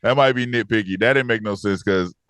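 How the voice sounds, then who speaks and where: A man's voice: fairly low pitch, a little fast, fairly bright tone, clean tone, dry recording. A man co-hosting a movie review podcast, picking apart a film with critical remarks, stammered restarts and frequent laughter. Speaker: podcast co-host. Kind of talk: casual movie review chat.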